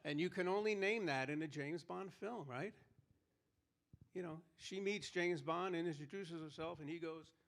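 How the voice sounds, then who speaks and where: A man works through a stand-up set on stage, telling stories and slipping into quick voices for the people in them. His voice sits a little higher than most men's. He speaks into a handheld stage mic. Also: creaky. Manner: storytelling, acting out quoted characters. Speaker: stand-up comedian. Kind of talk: live stand-up routine. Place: live comedy stage. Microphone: handheld stage microphone.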